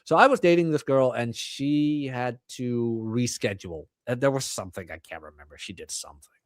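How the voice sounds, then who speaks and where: A man being interviewed about his book, telling anecdotes in a casual, animated way and acting out the dialogue. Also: medium pitch, normal speed, no room sound, studio quality. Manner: animated, acts out quoted dialogue. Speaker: author guest.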